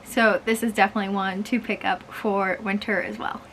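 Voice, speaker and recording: A woman's voice: medium pitch, flat delivery, brisk, fairly bright tone, a little hiss or hum. A young woman chatting casually as a book vlogger, gushing, with many fillers. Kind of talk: casual chat.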